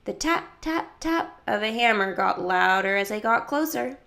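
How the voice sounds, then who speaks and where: Woman, mid pitch, slightly gravelly, first-person audiobook narration, lively character voices. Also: measured pace. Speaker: audiobook reader.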